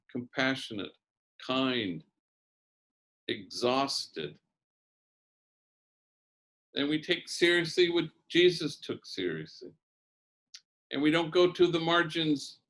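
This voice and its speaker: An older priest gives a keynote sermon, telling a story in a relaxed, conversational way. He sprinkles Spanish words into his speech. His pitch sits at a middle level for a man. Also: takes it slowly, pauses often.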